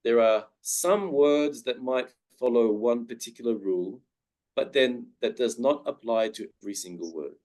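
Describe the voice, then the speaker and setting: A man's voice: medium pitch, moderate pace, darkish tone. A young man, giving a webinar lecture and carefully modelling the sound of each word aloud. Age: young adult. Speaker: guest speaker teaching pronunciation.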